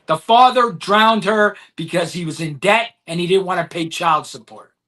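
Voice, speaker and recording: A man's voice: sits high, normal speed, pushed and bright. A man co-hosting a podcast, talking emphatically and getting heated in casual chat. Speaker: podcast co-host.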